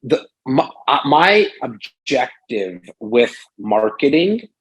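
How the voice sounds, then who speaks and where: A man talking as a guest in a casual interview, rambling and animated, with lots of fillers and acted-out quotes. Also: medium pitch, takes it slowly, a little hiss or hum, poor audio. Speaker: real estate broker and sales strategist. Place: Toronto, Canada.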